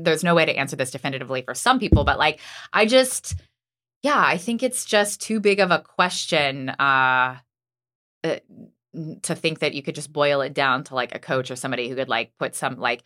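A woman in her thirties co-hosting a podcast about parenting, in a chatty, animated way with lots of filler words. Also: sits low, normal speed. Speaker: podcast co-host, mom. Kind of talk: casual chat.

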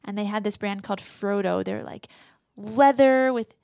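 A woman's voice: medium pitch, moderate pace, gravelly, darkish tone, no room sound, clean studio sound. A middle-aged woman co-hosting a podcast, chatting casually and playfully with jokes and silly bits. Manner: playful, jokey, breaks into silly bits and voices. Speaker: podcast co-host. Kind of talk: casual chat.

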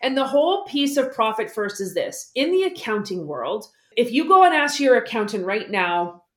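Woman, animated interview guest, slightly high voice, roomy echo. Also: normal speed. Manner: animated, acts out quoted voices. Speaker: guest, money mentor. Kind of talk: casual interview chat.

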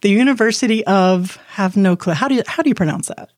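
A woman co-hosting a casual podcast interview, playful and quick to laugh, introducing a guest. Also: medium pitch, darkish tone, no room sound, clean studio sound. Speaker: podcast co-host.

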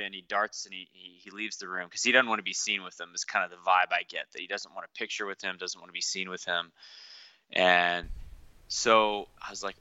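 A man co-hosting a podcast over a remote call, telling a rambling story with halting restarts. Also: low voice, fairly even intonation, bright, forceful tone, clean tone, no room sound, lo-fi sound. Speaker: podcast co-host. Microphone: remote call setup.

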